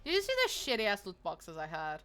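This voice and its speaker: A woman's voice: medium pitch, huge pitch swings, fast talker, a bit bright, soft background music. A woman streaming a video game, chatting casually and swearing often. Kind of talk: casual gaming stream chat.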